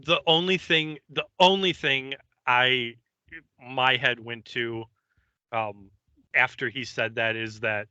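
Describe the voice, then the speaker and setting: A man talks slowly and hesitantly as a podcast co-host, with many ums and restarts. His voice is very bright and smooth. It comes through a dull, lo-fi microphone. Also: medium pitch, steady tone, dry recording. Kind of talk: casual episode recap. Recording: dull lo-fi mic.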